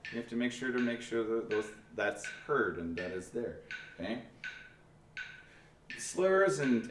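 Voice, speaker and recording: A man teaching a remote band lesson, patiently explaining step by step with restarts. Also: medium pitch. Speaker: music teacher. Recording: echoey room, faint noise.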